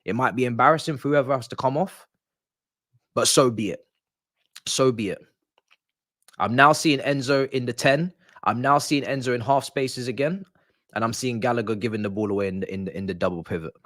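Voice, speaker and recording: Man, live match commentary, exasperated ranting, mid-pitched voice, dry close sound. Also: fairly quick, fairly bright tone, no room sound. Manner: ranting, exasperated, drops to muttered asides. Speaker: live stream host. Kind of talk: live football watch-along commentary.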